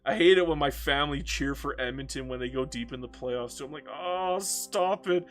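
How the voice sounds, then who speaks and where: A man's voice: medium pitch, fast talker, a bit bright, soft background music. A Canadian man from Alberta, streaming a strategy game and chatting casually, ranting with plenty of swearing and laughing between jabs. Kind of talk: casual livestream chat.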